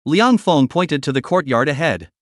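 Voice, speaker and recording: A man narrating a recap story in a scripted, lively storytelling manner. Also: fairly high pitch, moderate pace, no echo, clean studio sound.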